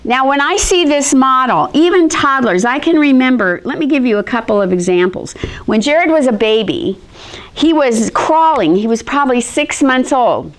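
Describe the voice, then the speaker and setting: A middle-aged woman teaching a history lesson, telling personal stories in an animated way and acting out the quotes. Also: high voice, moderate pace. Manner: animated storyteller, acts out quotes in shifting voices.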